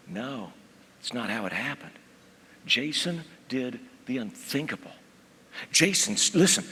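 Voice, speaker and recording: A man giving a motivational keynote, telling stories, calling out to the crowd and dropping to a hush for serious points. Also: on the high side, slightly rough, long reverb tail. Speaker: keynote speaker. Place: large conference hall.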